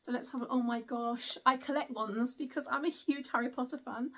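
A woman's voice: on the high side, fairly even intonation, a little fast, hardly any pauses, a bit bright. A woman, chatting through an unboxing and exclaiming often. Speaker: vlogger. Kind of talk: casual unboxing chat.

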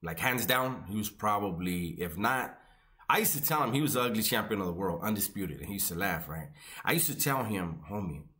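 A man's voice: lowish voice, expressive, fairly quick, sharp tone. A man, telling casual, joking, profane stories. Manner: profane, laid-back, joking. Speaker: storyteller recalling his prison years. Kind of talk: casual storytelling.

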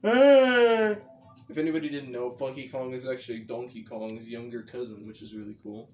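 A man's voice: mid-range voice, little pitch movement, fast talker, mellow, highs cut off. A young man casually explaining a racing video game as he plays, rambling and correcting himself as he goes. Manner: rambling, chatty, self-correcting. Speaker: gameplay commentator. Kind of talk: casual gameplay tutorial. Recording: music playing behind. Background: game music.

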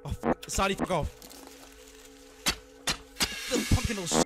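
A man streaming a horror game live, jumpy and loud, swearing at every scare and chatting with his viewers. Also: high voice, very animated, moderate pace, over loud music. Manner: reads donations and chats to viewers. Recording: noisy background.

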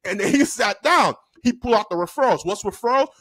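A man in a casual storytime vlog, talking in a loose, slangy, profane way. His voice sits high and swings widely up and down, and it is recorded close and dry. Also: expressive, fast, a bit bright, dry recording.

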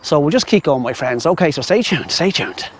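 A man's voice: on the high side, lively intonation, fairly quick, a little hiss or hum. A middle-aged Irish man rambling chattily as he walks a riverside path, talking to his viewers and to the birds, on a clip-on mic. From Ireland. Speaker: vlogger. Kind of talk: casual walking commentary. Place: outdoors on a riverside path in a city. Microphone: wireless clip-on mic.

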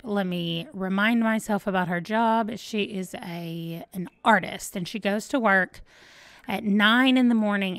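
A woman's voice: medium pitch, dry recording. A woman hosting a let's play, chatting casually and thinking aloud as she plays. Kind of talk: casual gameplay commentary.

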